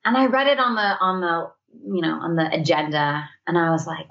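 Woman guest, earnest reflective storyteller, lower voice, slightly muffled audio. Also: lively intonation, moderate pace, few pauses, fairly bright tone. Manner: earnest, reflective, often quotes her own thoughts. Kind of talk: candid storytelling in conversation.

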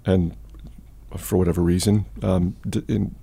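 Male podcast host, lowish husky voice, casual storyteller with lots of ums. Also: level tone, unhurried, warm tone, no room sound. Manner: chatty, with many fillers and restarts. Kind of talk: casual storytelling and market chat.

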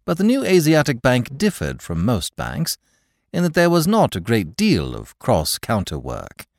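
A man narrating a classic story in a measured, expressive reading. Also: lowish voice, no echo, clean studio sound. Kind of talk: audiobook reading of classic fiction.

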